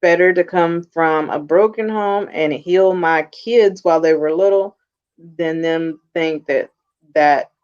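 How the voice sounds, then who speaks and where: A woman's voice: lowish voice, measured pace, a little mellow, smooth. A woman hosting a podcast in a casual chat, speaking candidly and bluntly about raising her kids as a mother. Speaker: podcast host. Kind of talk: casual conversation. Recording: dull, muffled lo-fi audio.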